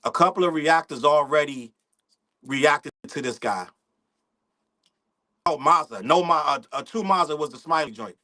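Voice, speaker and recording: Young male streamer, high-pitched, loose slangy rambling commentary with chat shout-outs. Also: moderate pace, long pauses. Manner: loose slangy rambling, laughs often, animated swings in pitch. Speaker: livestream host. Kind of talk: casual livestream talk reading chat.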